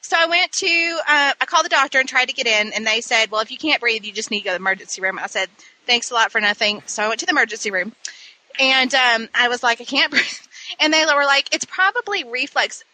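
High, very bright-voiced woman co-host. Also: lively intonation, fast, rough recording. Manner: rambling, self-mocking storyteller, laughs at her own troubles. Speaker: podcast co-host. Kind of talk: casual chat.

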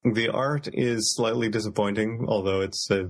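A man talking casually on an online podcast call, speaking in a measured way with frequent ums and uhs. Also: on the low side, steady tone. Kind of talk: casual chat.

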